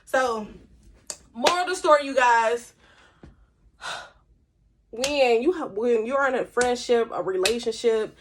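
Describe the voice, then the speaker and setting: A woman's voice: fairly high pitch, expressive, takes it slowly, long pauses. A woman, talking candidly and emphatically to camera in a casual vlog monologue. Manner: candid, emphatic, conversational with slang. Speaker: vlogger.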